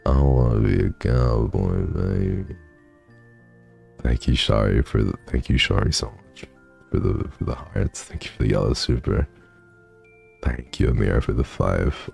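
A man's voice: very deep voice, creaky, a little mellow. A man streaming from home, chatting casually and thanking viewers, sleepy and swearing freely. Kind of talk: casual chat reading donations.

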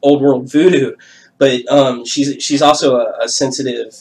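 A man's voice: mid-range voice, fairly even intonation, normal speed, darkish tone, low-quality recording. A man co-hosting a paranormal podcast, chatting casually and rambling a little. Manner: rambling, self-deprecating. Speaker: podcast co-host. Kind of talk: casual chat.

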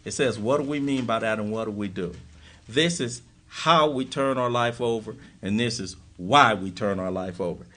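A man's voice: fairly low pitch, moderate pace, sharp tone. A man speaking to a live audience at a recovery workshop in a meeting room. He talks bluntly and emphatically, hammering points home with short, repeated lines.

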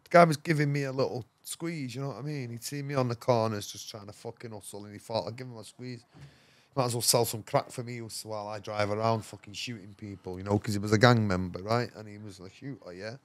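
A man's voice: fairly low pitch, quick pace. An English man, a podcast guest, tells a rambling story in casual, slangy talk and swears often. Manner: rambling, swears often, slangy, fillers like "you know what I mean".

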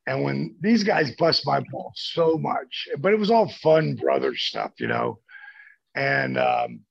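A gravelly, husky older man spins profane, animated stories as an interview guest and acts out everyone he quotes. His voice is dry and a bit dull. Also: medium pitch, takes it slowly, no room sound. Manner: profane, animated storyteller acting out quoted friends. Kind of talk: casual storytelling.

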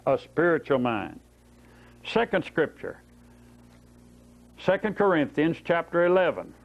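A man's voice: a little high, very animated, measured pace, creaky. A man preaching a Bible-study sermon, telling folksy stories and asking rhetorical questions. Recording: dull lo-fi tape recording.

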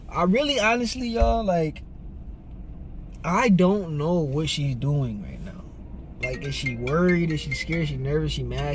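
Man, prank vlogger, slightly high voice, casual slangy chatter, music playing behind. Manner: laughing, playful slangy banter. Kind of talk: casual vlog talk to camera.

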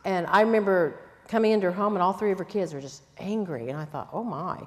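A woman's voice: lowish voice, fast. An older woman teaching a conference sermon on parenting, earnest and plain-spoken, with quoted asides. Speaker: conference speaker. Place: church conference hall. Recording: long reverb in a hall.

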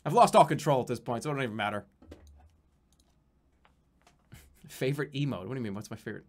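A man's voice: medium pitch, normal speed. A man from the United States streaming live, chatting casually in a rambling, profane, joking way with many restarts.

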